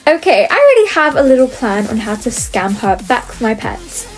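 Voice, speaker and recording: A woman's voice: on the high side, very animated, fairly quick. A young woman commenting on her gameplay to viewers in a chatty, often exasperated way. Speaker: gaming video creator.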